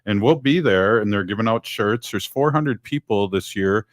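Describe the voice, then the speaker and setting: A man's voice: fairly low pitch, normal speed, no room sound, studio quality. A man hosting a radio show, chatting casually in a rambling way with fillers and restarts.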